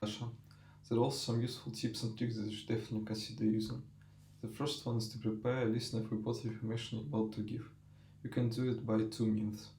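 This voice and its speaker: Mellow-voiced young presenter, Russian accent. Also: male voice, lowish voice, level tone, fast, slight background noise. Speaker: student presenter. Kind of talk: conference talk on public speaking. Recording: roomy sound.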